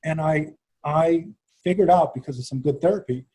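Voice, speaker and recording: A middle-aged man with a Chicago accent hosts an interview in a slightly higher, husky voice. He talks with animated energy, breaking off and restarting his sentences as he thinks aloud. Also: normal speed, poor audio. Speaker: host. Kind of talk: interview conversation.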